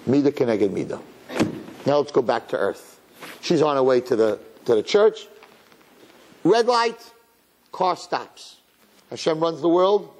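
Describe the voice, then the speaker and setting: A man giving a sermon as a rabbi, telling a story in an animated, dramatic, conversational way. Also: fairly high pitch, measured pace, long pauses, slight background noise, rough recording.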